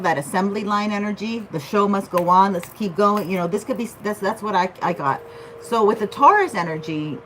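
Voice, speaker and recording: A woman's voice: lowish voice, slight background noise, poor audio. A woman giving a casual tarot reading, chatty and loose, often checking in with "okay?". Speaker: tarot reader.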